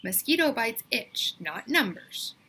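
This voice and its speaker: A woman voicing a strict, brisk schoolteacher who speaks firmly and commandingly. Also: fairly high pitch, very animated, pushed and bright, a little hiss or hum, voice pushed up, heavily acted. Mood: stern.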